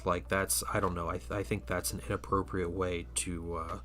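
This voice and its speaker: A fairly low-voiced man chatting casually on a hobby livestream. He rambles, restarts his sentences and sounds tired. Faint music plays underneath. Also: flat delivery, normal speed, hardly any pauses, fairly bright tone. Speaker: livestream host painting miniatures.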